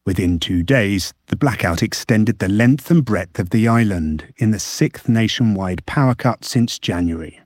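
A man reading a scripted radio news report as a correspondent, measured and steady. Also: fairly low pitch, no room sound, studio quality.

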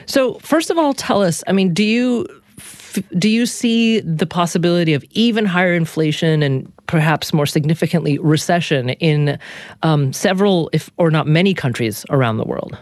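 A woman hosting a public radio interview show, introducing guests and asking measured questions from a studio microphone. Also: sits low, expressive, darkish tone, dry recording.

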